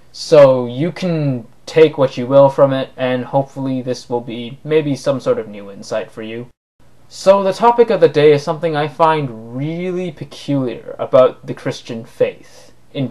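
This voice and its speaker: A man's voice: mid-range voice, darkish tone. A man delivering an opinion monologue to camera in a sarcastic, argumentative way, rising now and then to indignant outbursts. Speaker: vlogger.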